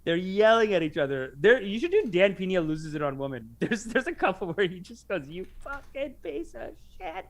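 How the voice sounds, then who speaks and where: Animated young man in podcast banter. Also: high voice, a little fast, few pauses. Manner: animated, swearing, mimics yelling. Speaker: podcast co-host.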